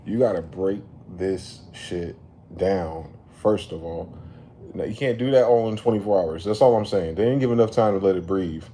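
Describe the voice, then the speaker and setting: Man, lowish voice, heated late-night rant, profane, keeps saying slow down. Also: a little hiss or hum. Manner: animated, profane, keeps telling listeners to slow down. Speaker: commentary vlogger.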